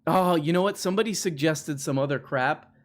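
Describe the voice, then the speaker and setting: A man hosting a live online show, talking in a loose, rambling way and joking with a caller. He often restarts his sentences. His voice sits a little high for a man. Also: brisk. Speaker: livestream host. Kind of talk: casual chat with a caller.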